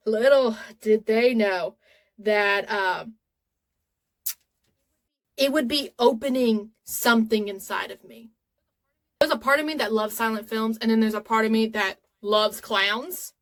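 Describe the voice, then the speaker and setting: A woman's voice: fairly high pitch, a bit bright. A woman in her twenties talking casually to camera in a rambling, chatty, earnest way. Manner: earnest and openly emotional. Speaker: vlogger.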